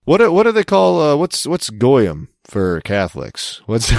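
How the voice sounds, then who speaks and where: A man's voice: on the high side, huge pitch swings, takes it slowly, creaky, no room sound, studio quality. A young adult man, a podcast co-host, telling rambling stories and acting out the people he quotes in casual chat. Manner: rambling storyteller who acts out quoted voices.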